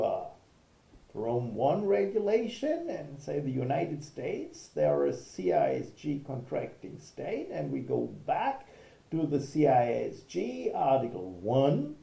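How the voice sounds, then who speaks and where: A man's voice: a little high, gravelly, dark tone, roomy sound, rough recording. A man, a law professor giving a recorded video lecture, explaining step by step and checking in with "okay".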